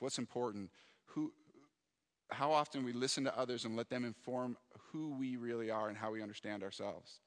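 A man delivers a sermon as a pastor, earnest and reflective. His voice sits at an ordinary middle pitch. A long hall reverb trails behind every phrase. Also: fairly bright tone. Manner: earnest and reflective, acting out prayers and dialogue.

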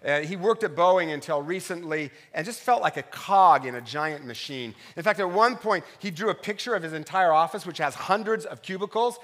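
A middle-aged man, a pastor, preaching a sermon full of personal stories, swinging from loud punchlines to soft, quiet reflection. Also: sits high, animated, brisk, hardly any pauses. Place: church sanctuary.

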